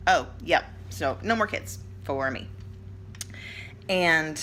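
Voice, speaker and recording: A woman vlogger rambling candidly at home about family life, chatty and self-deprecating with quick jokes, recorded on a hand-held phone. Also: sits low, noisy background. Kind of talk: casual personal rambling vlog. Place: at home, seated. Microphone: phone camera held in hand.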